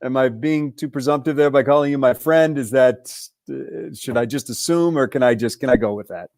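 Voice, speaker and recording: A man hosting a casual sports radio talk show, upbeat and teasing with quick asides. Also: medium pitch, a little mellow, no room sound, studio quality. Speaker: radio play-by-play voice and show host.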